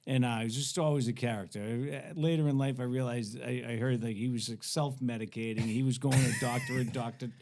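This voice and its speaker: This is a man in his forties, a podcast guest with a medium-pitched, brisk voice and hardly any pauses. He tells a story casually, rambling, profane and animated, with many restarts.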